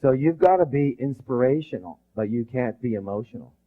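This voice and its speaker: A male motivational speaker giving a live leadership seminar, drilling the audience with rhetorical questions and call-and-response, bursting loud when stressing passion. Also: mid-range voice, expressive, fairly quick. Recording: dull lo-fi recording.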